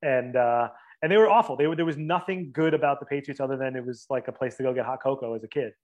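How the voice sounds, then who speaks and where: A man's voice: mid-range voice, quick pace, muffled recording. A man in his forties, a writer from the Boston area and New Jersey, chatting casually as an interview guest, rambling with lots of fillers and restarts.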